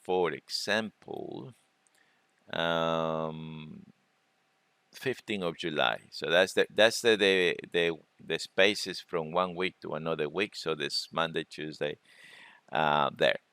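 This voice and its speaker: Man, webinar presenter, smooth resonant voice, dry close sound, halting speech. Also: a bass voice, pushed and bright, no echo. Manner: halting, repeats words, points at charts. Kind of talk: screen-share trading lesson.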